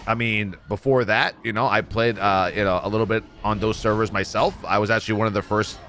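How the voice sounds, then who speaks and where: Guy streamer rambling about a game event, bright sharp voice, bit of hiss behind. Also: on the low side, brisk. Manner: animated, jokey storytelling with mimicked quotes. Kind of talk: casual gameplay commentary.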